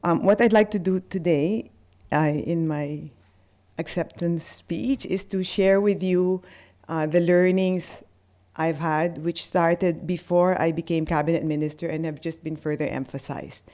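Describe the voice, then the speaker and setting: A middle-aged woman from the Philippines giving an emotional award acceptance speech, halting with fillers and restarts. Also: lowish voice, steady tone, warm tone.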